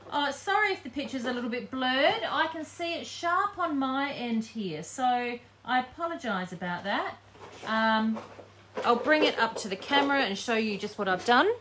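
A woman with a slightly high voice talks her viewers through a live painting tutorial, relaxed and chatty, with plenty of ums as she thinks aloud. A faint hum sits behind her. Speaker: craft demonstrator.

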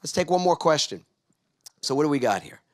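A man's voice: a little high, expressive, a little fast. A middle-aged man from New York gives a motivational talk to a live audience, coaxing them to answer back. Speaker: speaker.

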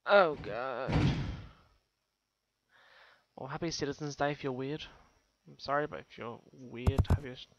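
A young man with an Australian accent, giving excitable let's-play commentary with sudden yelps and loud outbursts. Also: medium pitch, a little slow, long pauses, lo-fi sound. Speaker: gaming channel host. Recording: noisy home recording.

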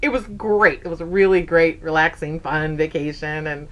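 A woman's voice: fairly even intonation, moderate pace. A woman in her fifties telling stories in a casual, chatty way, with lots of "okay"s, and jumping her voice up for quoted lines. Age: 50s. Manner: acts out quoted voices with big pitch jumps. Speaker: sewing vlogger. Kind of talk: casual chat.

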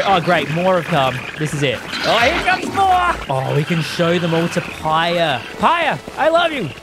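An excitable man talks through a game on his stream, his pitch leaping up and down as he cheers and laughs. He speaks at an unhurried pace, and music plays clearly behind him. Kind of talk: live gameplay commentary.

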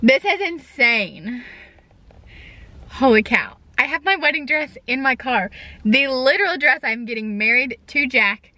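A young woman, chatting excitedly in a casual vlog, says "like" a lot. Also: high-pitched, a little slow, no room sound, poor audio. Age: young adult. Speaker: vlogger. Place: in and around a car, partly outdoors in wind.

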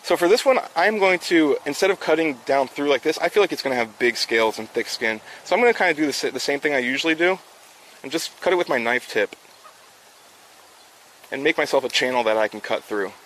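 Outdoors, with slight background noise, a South Florida man hosts a fishing livestream, chatting casually with viewers while he works. His voice is fairly high, animated, fairly quick and fairly bright, and his manner upbeat and chatty.

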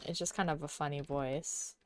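A young adult woman streaming a video game, chatting casually and giggling, often murmuring quietly to herself. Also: sits low, steady tone, moderate pace, slight background noise. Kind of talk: casual gameplay chat.

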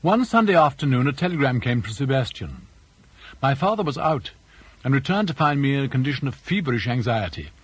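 A man reading an audiobook in scripted narration with a measured, precise delivery. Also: medium pitch, very animated, husky, no room sound, rough recording. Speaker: audiobook reader.

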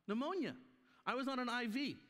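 A man's voice: extremely high pitch, brisk. A man preaching a sermon at a conference, telling stories and acting out the voices in them. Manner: animated, acts out voices in his stories. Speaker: guest preacher. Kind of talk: sermon with storytelling. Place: church hall. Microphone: live stream sound. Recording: long hall reverb.

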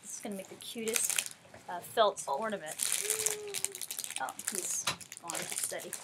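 A woman unboxing gifts in a casual vlog, gushing over each one and dropping to a softer tone when she explains. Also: fairly high pitch, background noise. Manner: gushing, effusive. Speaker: vlogger.

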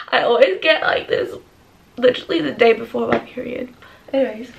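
A woman's voice: a little high, normal speed, vocal fry. A young woman vlogging at home in her kitchen, talking candidly and giggling between thoughts. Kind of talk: casual vlog chat. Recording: echoey room.

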